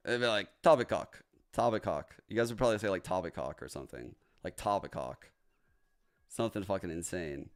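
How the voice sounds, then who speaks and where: A man's voice: sits low, vocal fry, smooth. A man from New Orleans chatting casually on a livestream, joking and swearing as he reacts. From New Orleans, United States. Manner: profane, joking, reacting out loud. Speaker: streamer hosting a watch party.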